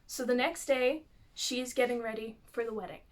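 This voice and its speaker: A woman with a high voice talks through a story in a loose, chatty recap. She keeps reaching for fillers and restarts as she goes. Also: steady tone, normal speed. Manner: chatty, uses lots of fillers. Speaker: youtuber. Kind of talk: casual plot recap.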